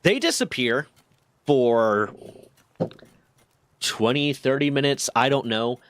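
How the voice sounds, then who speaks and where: A man streaming, telling a long story in a casual, animated and profane way. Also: slow. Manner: profane, animated, shifts pitch a lot.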